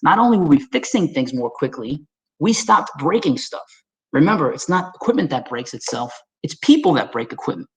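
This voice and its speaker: A man from Staten Island with a New York accent, presenting slides in a webinar in an energetic, folksy, conversational way and speaking straight to his audience. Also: fairly high pitch, a little fast, rough recording.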